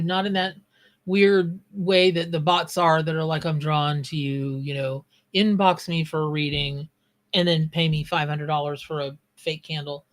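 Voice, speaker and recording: A woman with a lowish, fairly bright voice reads tarot on a live stream as a psychic. Her chat is loose and scattered, and she breaks off mid-thought to give shout-outs to viewers in the chat.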